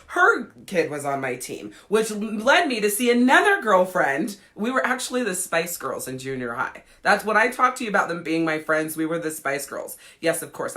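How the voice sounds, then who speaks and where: A woman's voice: fairly low pitch, fairly bright tone. A woman in her thirties, a podcast host telling a personal story in a blunt, profane, frank way. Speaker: podcast host and life coach. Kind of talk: casual storytelling.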